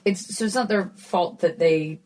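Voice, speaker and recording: A woman's voice: fairly low pitch, normal speed, mellow, slight background noise. A woman in her thirties with an American accent, a guest comedian chatting casually on a podcast, self-deprecating and full of fillers. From United States.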